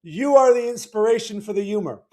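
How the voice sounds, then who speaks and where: A man livestreams with a high, expressive voice, talking fairly quickly but sounding worn and weak. He chats casually with viewers, rambling, stammering, and repeating words, and he greets people in chat loudly.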